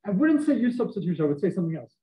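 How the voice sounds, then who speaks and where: His high-pitched voice races along as this middle-aged professor, Boston accent and all, gives a lively university math lecture full of jokes with students. A face mask muffles his speech.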